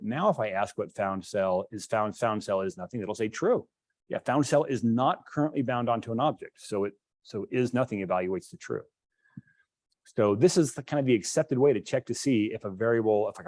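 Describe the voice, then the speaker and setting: A man's voice: lowish voice, a little mellow, dry recording. Guy teaching a class, walks through code as he goes, dry close sound. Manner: explains while demonstrating code, thinking aloud with restarts. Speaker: instructor. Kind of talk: classroom lecture.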